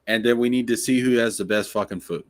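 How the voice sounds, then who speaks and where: A man hosting a casual chat, crude and joking, often halting and restarting. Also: mid-range voice. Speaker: host.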